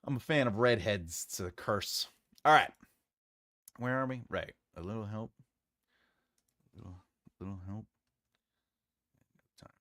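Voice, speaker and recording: A man hosting a casual writing livestream, jokey and rambling, muttering softly to himself while he drafts. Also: fairly low pitch, unhurried, pauses often, no echo. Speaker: writer and livestream host.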